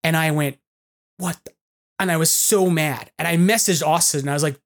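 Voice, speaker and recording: Guy hosting a podcast over a video call, rambly and excitable, laughs a lot. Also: on the high side, normal speed. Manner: excitable, rambling storyteller who laughs often. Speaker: podcast host. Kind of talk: casual chat.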